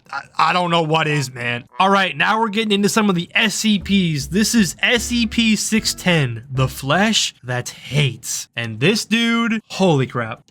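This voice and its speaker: Bright, high-voiced young man ranking game mods. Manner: casual, upbeat, swears when startled. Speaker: gaming YouTuber. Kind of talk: casual ranking commentary. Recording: faint background music.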